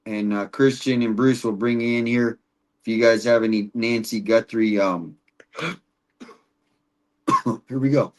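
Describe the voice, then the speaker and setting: Male stream host, mid-pitched, loose rambling chat, reads comments aloud. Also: fairly even intonation, unhurried, pauses often, darkish tone. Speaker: livestream host. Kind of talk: casual livestream chat.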